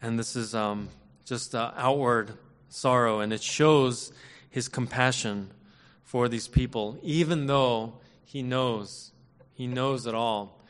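Earnest preacher in an echoing hall. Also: male voice, mid-range voice, steady tone, clear, resonant tone. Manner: earnest, measured preaching with emphatic repetitions. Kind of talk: sermon. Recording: long hall reverb.

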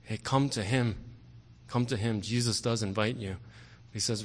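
A man preaching a sermon earnestly, often pausing on "okay" and growing forceful on key words. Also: lowish voice, steady tone. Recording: long hall reverb.

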